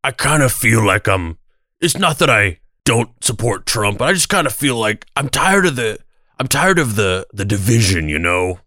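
A man's voice: fairly low pitch, big pitch swings, normal speed, bright, forceful tone, no room sound, clean studio sound. A man co-hosting a podcast, talking in a rambling, hesitant way. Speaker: podcast co-host. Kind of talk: casual chat.

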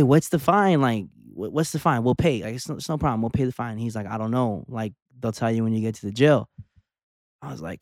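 A young adult man co-hosting a podcast, telling a story in a casual, animated way, acting out the dialogue and swearing. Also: medium pitch, no echo, studio quality. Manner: animated storyteller, acts out dialogue, curses, says "like" a lot. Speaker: podcast co-host.

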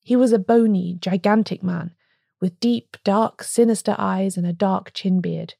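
A woman narrates a classic detective story in a steady, measured way. Her voice is mellow and gravelly, with a slight fry. The recording is dry and close. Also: mid-range voice, no echo. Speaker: podcast host reading a story.

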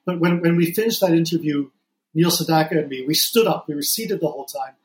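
A man's voice: on the high side, reverberant, rough recording. A man guesting on a podcast, telling anecdotes in casual conversation. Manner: chatty storyteller, quick anecdotes.

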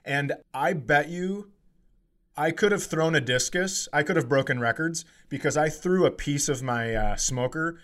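Middle-aged male comic, slightly high voice, rambling animated anecdote. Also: a little slow. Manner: animated, swearing, acts out heated quotes in a shrill voice. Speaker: comedian podcast co-host. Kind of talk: casual storytelling chat.

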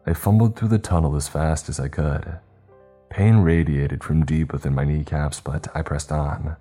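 Very deep husky male storyteller. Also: fairly even intonation, normal speed, dark tone, soft background music. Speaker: narrator. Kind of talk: first-person story reading.

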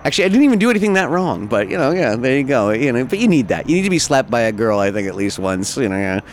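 Guy hosting a podcast, rambly, laughs a lot, pitch bouncing all over. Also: big pitch swings, fast, slight background noise. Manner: rambling, laughs often, lots of filler words. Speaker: podcast host. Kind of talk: casual chat.

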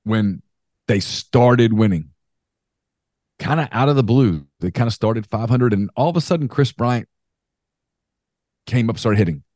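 A man co-hosting a sports podcast, telling stories in an animated, emphatic way. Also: medium pitch, measured pace, long pauses, no room sound, clean studio sound. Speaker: podcast co-host. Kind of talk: casual sports talk.

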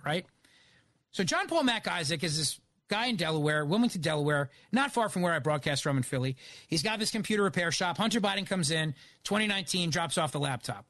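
A man's voice: a little high, fairly bright tone, no echo. A man filling in as a radio host, delivering an opinionated monologue in an emphatic, argumentative way with many rhetorical questions, on a studio microphone. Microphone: studio broadcast microphone.

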